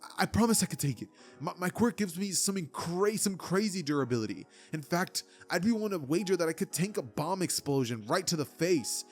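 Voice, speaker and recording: A man's voice: high-pitched, expressive, a little fast, faint music behind, voice pushed up. A man voicing a timid, nerdy teenage boy who stammers and apologizes eagerly. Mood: earnest. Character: timid nerdy teen boy with hidden power.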